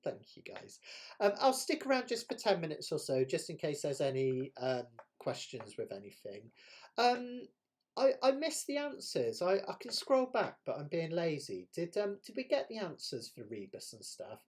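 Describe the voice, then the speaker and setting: Chatty West Country man with a lively voice. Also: fairly high pitch, moderate pace. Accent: West Country English. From West Country of England. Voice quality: chatty, laughs often, self-deprecating. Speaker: ukulele teacher and jam host. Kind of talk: casual live-stream chat.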